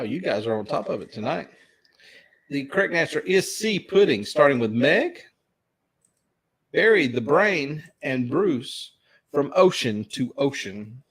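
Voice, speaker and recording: A man's voice: medium pitch, breathy edge. A man with a Southern US accent hosting trivia in casual live-stream chat, chuckling as he reads out questions. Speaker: trivia host.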